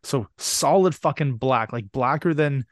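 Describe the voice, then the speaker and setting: A man's voice: medium pitch, a little slow, dry recording, clean studio sound. A man, co-hosting a podcast in casual chat and telling rambling, profane stories. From Canada. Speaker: podcast co-host.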